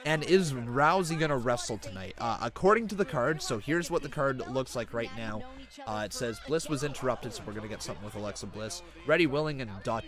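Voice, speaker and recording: A man hosting a live stream who chats about a wrestling show as it plays and reads out viewer donations, getting excitable at big moments. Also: mid-range voice. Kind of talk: live wrestling reaction commentary.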